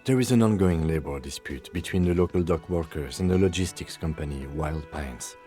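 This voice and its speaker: A man's voice: a bass voice, brisk, dark tone, faint music behind. An actor playing a methodical male police lieutenant in a video game, speaking in a composed, precise, dry way.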